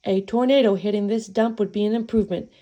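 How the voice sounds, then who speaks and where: A woman voicing a plucky young boy hero in a storybook reading, talking softly and plainly. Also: mid-range voice, steady tone, fast talker, close to an everyday voice. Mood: determined.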